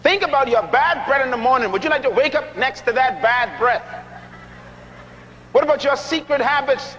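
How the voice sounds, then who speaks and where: A man's voice: extremely high pitch, pushed and bright, a little hiss or hum. Middle-aged guy preaching, emphatic, teasing the crowd, big church hall with long echo. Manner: emphatic, repeats key lines slowly for effect; humorous, teasing the audience. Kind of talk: sermon. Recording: dull lo-fi recording with long hall reverb.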